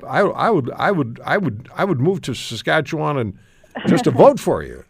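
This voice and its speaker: A man hosting a talk radio show, interviewing guests. He talks in an effusive, animated way, often repeating words as he starts a thought. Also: fairly high pitch, normal speed, creaky, husky, dry recording, clean studio sound.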